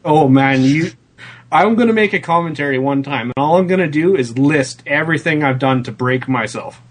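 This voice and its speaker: A man's voice: a little high, expressive, moderate pace. A man in casual podcast chat, telling a story in a laid-back, matter-of-fact way.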